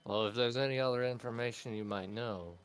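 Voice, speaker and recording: A man's voice: mid-range voice, fairly quick, clean tone. A man taking part in a tabletop role-playing game, talking in a playful, sarcastic way. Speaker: player.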